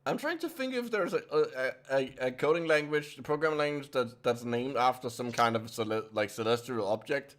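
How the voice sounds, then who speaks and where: Podcast dude cracking jokes, lively up-and-down voice, keeps restarting. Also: male voice, mid-range voice. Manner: joking, halting, restarts a lot. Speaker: podcast co-host. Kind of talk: casual chat.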